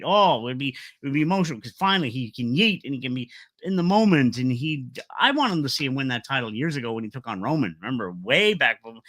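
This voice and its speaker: A middle-aged man talks through a wrestling recap in a loose, opinionated ramble full of fillers and asides. His voice is bright and swings widely in pitch. The sound is dry and close, with no room echo. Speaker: wrestling vlogger.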